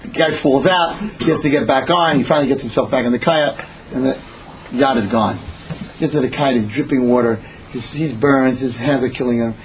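A man telling a parable in an animated sermon style, repeating phrases as he goes. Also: medium pitch, a little fast, a little hiss or hum, low-quality recording. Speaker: storyteller. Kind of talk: storytelling sermon.

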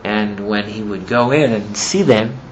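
A man teaching a class as he retells a story, rambling and filling his talk with "you know", and growing animated as the story builds. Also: lowish voice, unhurried. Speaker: religious teacher. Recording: muffled with steady background noise.

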